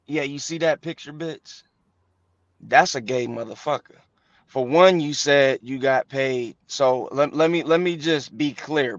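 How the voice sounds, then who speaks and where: A man's voice: medium pitch, a bit bright, dry recording. Profane confrontational man on a call. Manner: confrontational, profane, repeats himself. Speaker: live stream guest. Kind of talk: heated live stream argument. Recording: dull lo-fi dry call audio.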